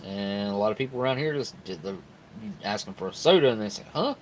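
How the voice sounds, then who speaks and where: A man's voice: fairly low pitch, fast, a little hiss or hum, poor audio. A middle-aged man with a southern Ohio Appalachian accent, hosting a casual live stream where he rambles in a folksy way and reads viewer comments aloud. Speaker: live-stream host reviewing military rations.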